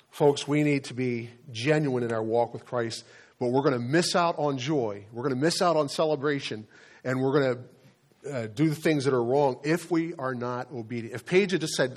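A middle-aged man preaching a sermon as a pastor, telling stories in a relaxed, conversational way and often repeating words as he goes. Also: mid-range voice, moderate pace.

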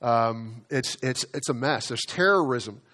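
A man preaching a sermon as pastor, in a conversational way, often repeating words and slowing down to stress key phrases. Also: mid-range voice, a bit bright.

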